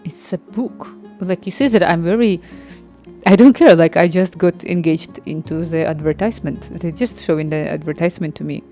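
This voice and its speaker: A woman's voice: deep voice, steady tone, brisk, few pauses, darkish tone, faint music behind. A young woman from Ukraine, chatting casually on a livestream in a rambling way and talking straight to her viewers.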